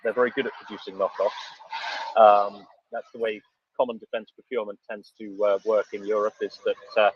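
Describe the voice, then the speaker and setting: A man's voice: lowish voice, level tone, normal speed, husky. A British man in casual panel chat, dry humour and frequent ums and uhs. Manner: dry, hesitant with many fillers. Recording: dull dry lo-fi mic.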